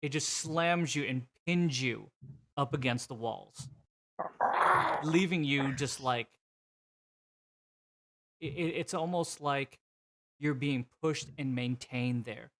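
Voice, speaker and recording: Slow, descriptive game master man. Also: medium pitch, a bit bright. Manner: vivid, descriptive narration with fillers. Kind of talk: narrating a tabletop game.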